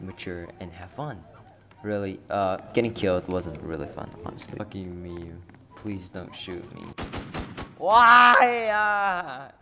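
A man's voice: fairly low pitch, a bit bright. A man giving casual, jokey gameplay commentary, laughing and swearing often. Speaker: gamer.

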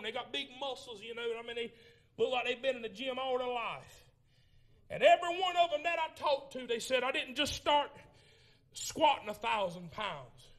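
A man preaching a Pentecostal sermon in a church, swinging from shouted lines to low murmurs as he tells the story. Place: church sanctuary.

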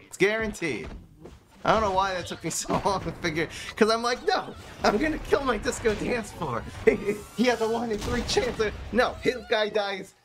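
A man streaming a card game live, commenting excitedly with frequent laughs and joking at his own mistakes while talking to his chat. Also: high voice. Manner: excitable, laughing, self-mocking, talks to chat.

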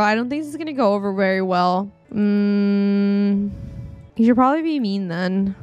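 Chatty gamer girl, kinda high voice, goofy commentary w/ faint music behind. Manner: chatty, playful, hums and giggles to herself. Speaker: gaming streamer. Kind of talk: casual gameplay commentary. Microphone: desktop dynamic mic.

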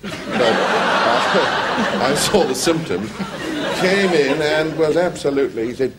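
A man's voice: fairly high pitch, animated, slow, a loud crowd. Witty male raconteur in a hissy old TV recording. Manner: witty raconteur who acts out the people in his stories. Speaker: talk show guest. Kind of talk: anecdotal storytelling. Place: TV studio with an audience.

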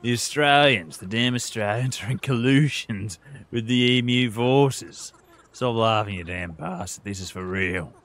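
A man's voice: medium pitch, unhurried, a bit bright. A man doing a paranoid blustering emu hunter. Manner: gruff, conspiratorial, barking orders.

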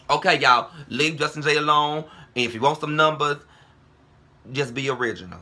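Young man, bright cutting voice, slightly high pitch, brash profane vlog rant. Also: normal speed. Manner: brash, heated, profane, calls viewers girl and ho. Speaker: vlogger.

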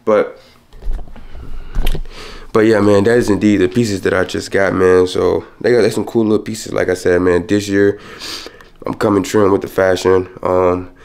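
A young man in his twenties vlogging casually to camera at home, talking fast and rushing his words in loose, slangy speech. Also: sits low, little pitch movement, gravelly, a little mellow. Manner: loose, slangy, peppered with "you feel me". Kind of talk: casual vlog chat to camera.

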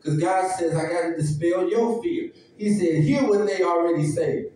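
A man's voice: sits high, animated, normal speed, dark tone, very echoey, recorded from a distance, low-quality recording. A man preaching a sermon as pastor, emphatic and folksy, calling out to his congregation. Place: church sanctuary.

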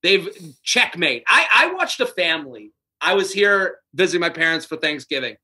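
A man in his thirties guesting on a podcast, talking in a high, bright voice. He tells his stories with animation and acts out what other people said. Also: moderate pace, breathy edge. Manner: animated storyteller who acts out quotes. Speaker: comedian guest. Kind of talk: casual podcast chat.

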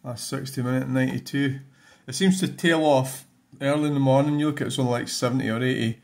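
A man's voice: mid-range voice, fairly even intonation, fast talker, vocal fry, a little mellow. An older man with a Scottish accent giving a casual, rambling channel update, muttering and swearing bluntly.

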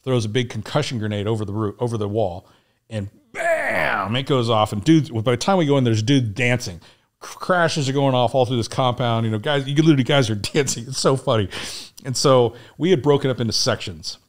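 A man's voice: mid-range voice, a little fast. A middle-aged man, a military veteran from the United States, telling combat stories in a casual, profane way and often breaking into laughter. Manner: animated, profane war storytelling, laughing often. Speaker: guest, Navy SEAL veteran. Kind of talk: casual storytelling.

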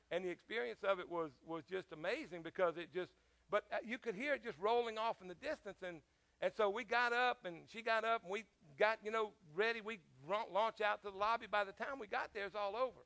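A man's voice: high-pitched, gravelly, bright, forceful tone. A man preaching a sermon as pastor, telling a personal story in a conversational way, with frequent fillers and questions to the congregation.

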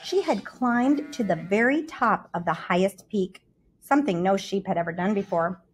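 A woman reading a children's storybook aloud in an expressive, lively way. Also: mid-range voice, moderate pace, a little hiss or hum.

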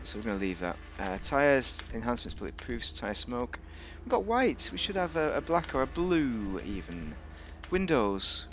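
A man's voice: mid-range voice, very animated, moderate pace, a bit bright, a little hiss or hum. A man giving rambling, joking commentary while reviewing a video game. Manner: rambling, chatty, jokey asides. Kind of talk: casual gameplay commentary.

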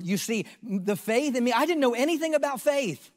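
A man's voice: fairly high pitch, a little fast, few pauses, in a large hall. A pastor in his fifties preaching a sermon, earnest and repeating phrases for emphasis.

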